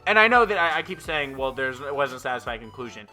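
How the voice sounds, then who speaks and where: A man's voice: medium pitch, expressive, fast, bright, forceful tone, faint music behind. A young man casually reviewing manga chapters, swearing a lot and talking with frequent fillers and an exasperated edge. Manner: profane, exasperated, lots of fillers.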